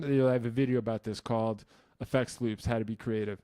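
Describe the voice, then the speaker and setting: A young man from New Jersey answering fan questions in a loose, profane, self-mocking ramble full of restarts. His voice sits at an ordinary middle pitch. The sound is dry and close, with no room echo. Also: steady tone, fast, dark tone. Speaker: musician YouTube host. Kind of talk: casual Q&A chat.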